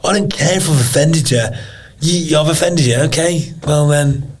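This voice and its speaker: A man's voice: fairly high pitch, moderate pace. A man, a professional fighter, talking in a casual interview in a blunt, earnest way and swearing freely. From England. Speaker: podcast guest, pro MMA fighter.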